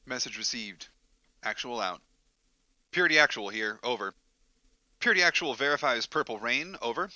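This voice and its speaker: A man's voice: medium pitch, expressive, moderate pace, long pauses, pushed and bright, no echo. A man playing a clipped military radio officer. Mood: formal. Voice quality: clipped, formal radio delivery. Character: crisp male military communications officer.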